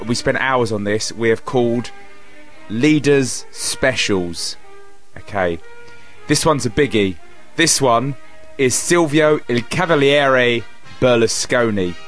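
Chatty man with music behind. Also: medium pitch. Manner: chatty, dry asides. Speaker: podcast producer. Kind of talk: casual scripted intro.

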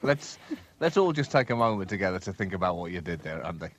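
A man co-hosting a satirical comedy podcast, delivering wry, deadpan asides with bursts of emphasis. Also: deep voice, fast, a little hiss or hum.

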